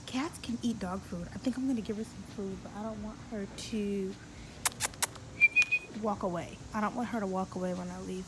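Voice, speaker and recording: A woman's voice: mid-range voice, normal speed. Young woman vlogging, jokey and noisy. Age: young adult. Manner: jokey, self-deprecating, squeals when excited. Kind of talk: casual vlog chat. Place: home and backyard.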